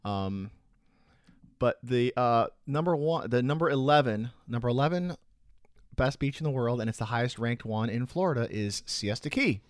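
A man's voice: medium pitch, expressive, moderate pace, no room sound, clean studio sound. A man co-hosting a podcast in casual chat, thinking aloud with fillers. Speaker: podcast co-host.

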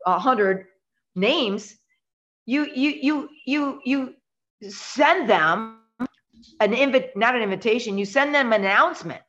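A middle-aged woman with a bright, forceful voice tells her story as a podcast co-host. She acts out the quoted lines with animated, dramatic energy. Her voice comes over a remote call and sounds dull and lo-fi. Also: on the high side, measured pace. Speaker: real estate coach and podcast co-host. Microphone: remote call connection. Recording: dull lo-fi internet call audio.

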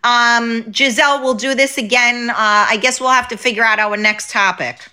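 A woman's voice: a little high, steady tone, normal speed, sharp tone, clean tone. A woman co-hosting a casual chat show, joking and laughing often. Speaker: co-host.

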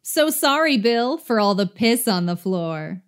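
A woman's voice: mid-range voice, big pitch swings, measured pace. A woman voicing a spiteful, sarcastic female schoolteacher who scolds her class in a snide, biting way, in a rhyming storybook tale. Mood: smug.

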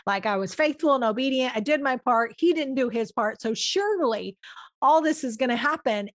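A woman hosting a podcast, giving an earnest, heartfelt, faith-based reflection in a conversational way. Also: a little high. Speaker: podcast host.

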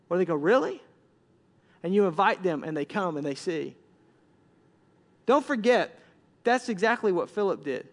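A male pastor preaching a sermon with animated delivery, swinging between loud bursts and hushed lines. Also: on the high side. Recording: long reverb of a large hall.

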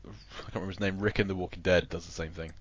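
A man's voice: low voice, fairly even intonation, rapid-fire, no echo, lo-fi sound. A man with an English accent chatting casually on a podcast, with dry, mock-snobbish humor. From England. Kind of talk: casual chat.

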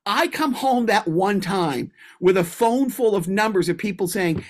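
A man from Boston co-hosting a podcast, telling rambling, animated anecdotes in casual chat. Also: high voice, measured pace. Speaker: podcast co-host.

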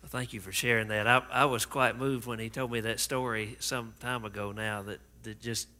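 A man hosting a church interview as pastor, earnest and gently affirming. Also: medium pitch, little pitch movement, moderate pace, long reverb tail.

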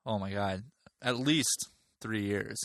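Laid-back man in his thirties, low voice. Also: slow pace, a bit bright, dry recording, clean studio sound. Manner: laid-back, laughs often, rambling. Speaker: comedian guest. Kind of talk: casual chat.

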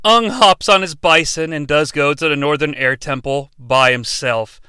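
A man's voice: a little high, moderate pace, bright, forceful tone, smooth, no room sound. A man hosting a comedic bad-movie podcast, ranting in a profane, sarcastic way. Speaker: podcast host.

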